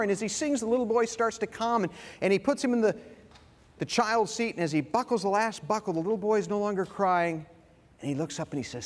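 A man's voice: high-pitched, lively intonation, a little fast. A man giving a Father's Day sermon, earnest and storytelling. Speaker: guest speaker. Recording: reverberant hall.

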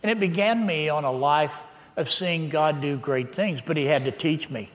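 Older pastor in a reverberant hall. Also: male voice, fairly high pitch, normal speed. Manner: lively anecdotal telling, with laughs. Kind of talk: sermon storytelling.

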